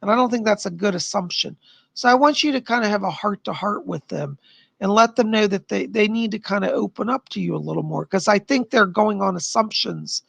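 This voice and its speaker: A man hosting a live stream of psychic readings, chatty and animated, his voice tiring. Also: sits high, fairly quick, creaky, husky, dry recording, highs cut off. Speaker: psychic medium host.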